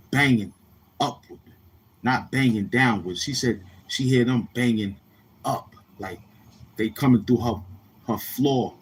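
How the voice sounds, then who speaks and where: A man telling casual stories in a slangy, rambling way, often repeating himself and acting out other people in a higher voice. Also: slight background noise. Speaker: YouTuber. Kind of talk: casual street-talk storytelling.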